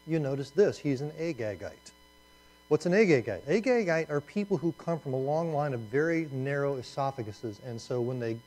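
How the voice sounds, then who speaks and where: A male Bible teacher talking through a story in a loose, conversational way. He keeps throwing rhetorical questions and quick asides at his class, and his voice sits fairly high for a man. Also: warm tone, poor audio.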